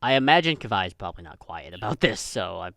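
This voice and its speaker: A man's voice: lowish voice, big pitch swings, fast, creaky, sharp tone, slight background noise. A man running a tabletop game as game master, thinking aloud with hedging words.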